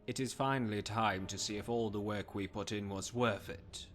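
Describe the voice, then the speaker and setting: Man voicing a formal game elf agent, commanding, slightly low voice, faint music underneath. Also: fairly even intonation, normal speed, fairly bright tone, natural voice. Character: formal elven agent giving orders.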